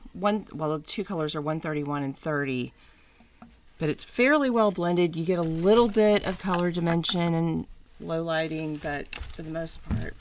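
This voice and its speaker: A woman's voice: lowish voice, a little hiss or hum. A woman co-hosting a wig shop livestream, casually explaining product details. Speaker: co-host presenting wigs. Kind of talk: casual chat, product presenting.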